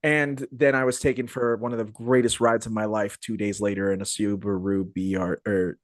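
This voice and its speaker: A man hosting a podcast in casual, animated chat, full of fillers and restarts, over a video call. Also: lowish voice, normal speed, no echo. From Phoenix, Arizona area. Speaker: podcast host. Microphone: video call podcast mic.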